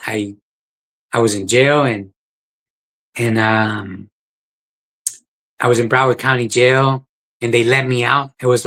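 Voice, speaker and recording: A man talks as a podcast guest. He tells his story in an earnest, plain-spoken way. His voice sits at a middle pitch. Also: fairly bright tone, poor audio. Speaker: guest, ultra runner. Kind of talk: podcast interview, personal story.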